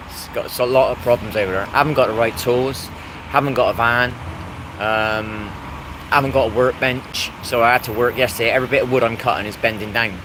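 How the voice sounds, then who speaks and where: A man's voice: mid-range voice, fairly even intonation, fairly quick, background noise. An English man talking casually on a live stream, rambling and repeating himself as he greets viewers in the chat. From England.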